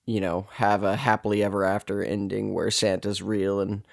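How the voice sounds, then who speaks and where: Gravelly guy rambling thru a movie review on a podcast, keeps restarting sentences. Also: on the low side, little pitch movement, normal speed. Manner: rambling, self-correcting, laughs easily. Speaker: podcast co-host. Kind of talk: casual movie-review chat.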